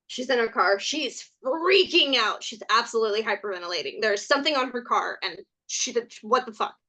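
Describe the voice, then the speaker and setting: A woman from California, a podcast guest, telling stories in a lively, casual way, laughing often and saying "like" a lot. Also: fairly high pitch. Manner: animated, laughs often, many "like" fillers. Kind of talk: casual storytelling chat.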